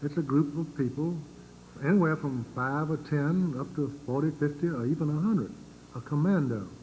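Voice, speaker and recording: An older man with a Virginian accent speaks to a church audience in a slightly raised pitch. He talks haltingly, filling pauses and repeating words as he goes. A faint hiss sits under the recording. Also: dark tone, low-quality recording. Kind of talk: informal lecture to a congregation.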